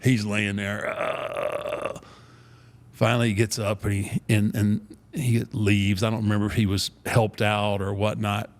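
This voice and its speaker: A man's voice: fairly low pitch, a little slow. An older man, a former wrestler, casually retelling a story on a podcast, acting out the quotes with many restarts. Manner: animated retelling, acts out quotes, frequent restarts.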